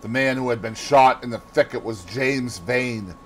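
A man with a Boston accent reading a classic novel aloud in expressive scripted narration. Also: mid-range voice, normal speed, a little hiss or hum, rough recording. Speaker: audiobook reader.

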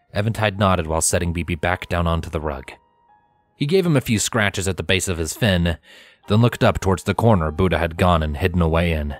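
A man's voice: deep voice, expressive, brisk, dry recording, faint music behind. A man reading a story aloud as narrator, telling it expressively. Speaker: fanfiction reader. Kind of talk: scripted narration.

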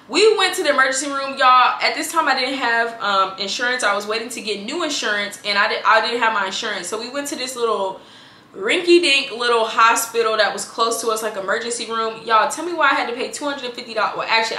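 A woman's voice: a little high, sharp tone, roomy sound. A young woman vlogger chatting casually to camera, telling her story and calling her viewers girl and y'all.

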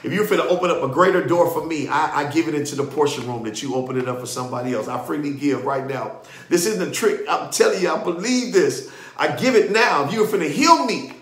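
A man hosting a live ministry broadcast and leading prayer, excitable, often repeating himself and laughing. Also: fairly high pitch, roomy sound. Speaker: ministry host.

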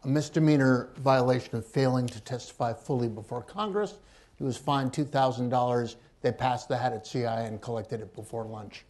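A man's voice: medium pitch, brisk, darkish tone. A man on a panel making emphatic points with rhetorical questions and wry asides. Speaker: author and journalist on a panel. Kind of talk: panel discussion.

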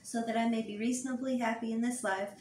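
A woman co-leading a church group, speaking softly and leading a recited prayer from off mic. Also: a little high, steady tone, fast talker. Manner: soft, brief affirmations. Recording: echoey room, off-mic, with hum.

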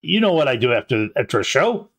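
A man's voice: mid-range voice, big pitch swings, fast talker, fairly bright tone. A man voicing a rattled young male musician who stammers and gets defensive after being caught partying. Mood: flustered.

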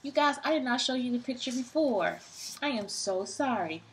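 A woman reading a children's book aloud, doing sound effects and stopping for excited asides to young listeners. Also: on the high side, normal speed, slight background noise, rough recording.

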